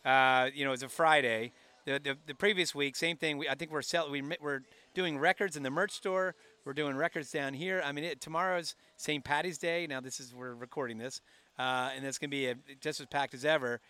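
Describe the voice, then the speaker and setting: A man in his forties telling animated stories in a casual chat from a broadcast booth, with frequent restarts. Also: on the high side, brisk, clear, resonant tone, dry recording. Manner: animated storyteller with many restarts. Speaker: team staff member, podcast co-host.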